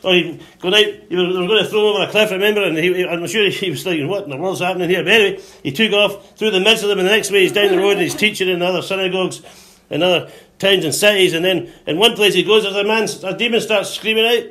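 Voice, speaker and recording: A man preaching a sermon to a congregation, calling for responses, quoting scripture and acting out voices with sudden high shouts. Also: quick pace. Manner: call-and-response preaching, frequent hallelujahs.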